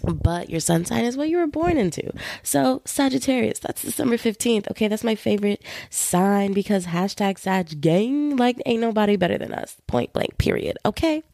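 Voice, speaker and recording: Chatty young woman with gravelly low voice. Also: normal speed, no room sound, clean studio sound. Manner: chatty, playful, animated with voices for roommates. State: feeling unwell. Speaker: podcast host. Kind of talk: casual solo podcast chat.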